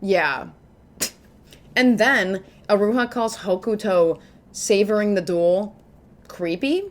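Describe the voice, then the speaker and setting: A young woman talks through a comic chapter for her channel in a loose, joking way. She wanders into asides and keeps dropping "like" as she goes. Her pitch sits in a middling range. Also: slow pace. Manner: chatty and joking, full of "like" asides. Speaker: manga reviewer and YouTuber. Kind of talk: casual video commentary.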